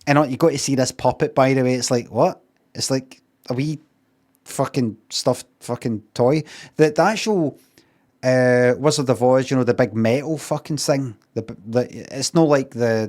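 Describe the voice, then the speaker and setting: A man's voice: medium pitch, a little mellow. A man with a Scottish accent giving a casual, rambling review on a live stream, sweary and wry.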